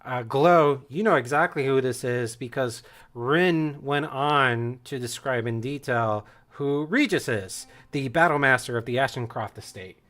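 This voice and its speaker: A man's voice: mid-range voice, a little slow, fairly bright tone. A man narrating a tabletop game as game master in a casual, loose way with fillers.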